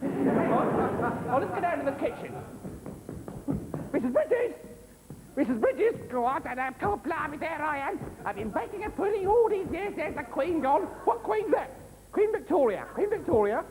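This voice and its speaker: A man's voice: very high-pitched, big pitch swings, normal speed, long pauses, music in the background, full character voice. A man playing a cheerful, simple-minded old-time male servant, talking chirpily and eagerly. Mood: chirpy. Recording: noisy old TV tape in a reverberant studio.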